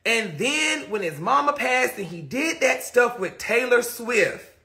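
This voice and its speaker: His voice is extremely high, sing-song, and sharp, and he talks a little slowly. This livestream host delivers a crude, blunt rant into his phone, stopping to read viewers' chat comments aloud between points.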